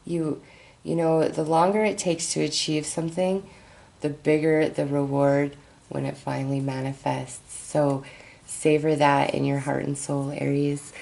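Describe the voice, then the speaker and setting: A woman's voice: sits low, level tone, measured pace, vocal fry, warm tone. A woman giving an encouraging tarot reading, speaking directly and soothingly to her viewers. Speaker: tarot reader.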